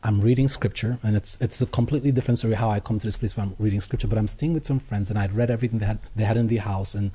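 A man telling his personal faith story as an interview guest, earnest, with halting restarts. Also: lowish voice, steady tone, mellow, husky. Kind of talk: personal testimony in conversation.

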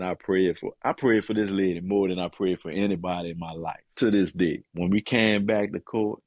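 A middle-aged man, a guest and author, shares personal testimony in conversation with a low, husky voice, speaking earnestly and with feeling. Hesitations and the occasional "man" make it sound heartfelt, and the recording is dry and close with no room sound or echo.

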